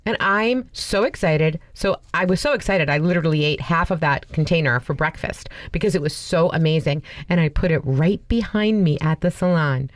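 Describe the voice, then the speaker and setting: Chatty low-voiced female radio co-host. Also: normal speed, few pauses, dry recording. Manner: chatty, candid, playfully exasperated. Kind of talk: casual banter on a radio show.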